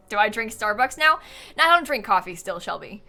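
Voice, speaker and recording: A woman's voice: mid-range voice, animated, normal speed, bright, forceful tone. A woman from the United States live-streaming a game, chatting casually and rambling, often laughing and answering her chat.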